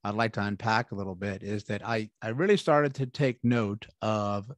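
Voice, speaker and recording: A man's voice: lowish voice, normal speed, dry recording, studio quality. A man hosting an interview podcast, talking reflectively and a little hesitantly about his own experience. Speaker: podcast host. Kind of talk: casual interview chat.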